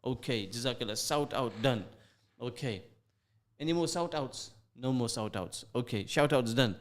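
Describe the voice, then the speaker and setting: A man chats on air from a radio studio. He reads listener messages with a playful, teasing warmth of delivery, sprinkling in religious phrases. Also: mid-range voice, expressive, normal speed. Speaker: radio host. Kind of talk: casual radio chat reading listener shout-outs.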